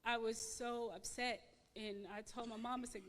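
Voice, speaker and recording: A woman with a somewhat high voice tells her personal testimony in church. She speaks in an emotional, halting way, restarting and repeating words with plenty of fillers. Her voice carries a long reverb from the sanctuary. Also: steady tone, a bit bright, slight background noise. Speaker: church member giving testimony.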